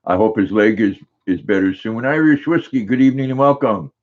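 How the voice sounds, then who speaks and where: A man's voice: fairly low pitch, a little fast, lo-fi sound. An older man hosting a casual livestream, reading viewers' comments aloud and greeting each of them by name in an easygoing way. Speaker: livestream host.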